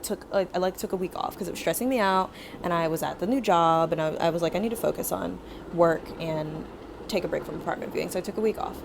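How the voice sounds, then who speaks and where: A young woman vlogger chatting casually as she tells a story, acting out quotes with lively, dramatic flair. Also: fairly low pitch, creaky, slight background noise. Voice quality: animated, dramatic retelling with acted-out quotes.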